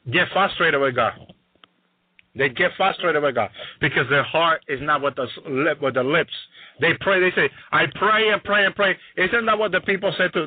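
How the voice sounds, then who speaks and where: A man preaching a sermon who reads scripture aloud slowly and keeps breaking in with hallelujah and praise Jesus. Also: fairly high pitch, no room sound. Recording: tinny phone-like, dry sound.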